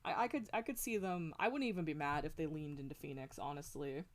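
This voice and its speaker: A woman's voice: deep voice, quick pace. A woman streamer chatting casually and rambling, swearing a lot and laughing often, on a close desk mic at home. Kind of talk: casual stream chat while drawing.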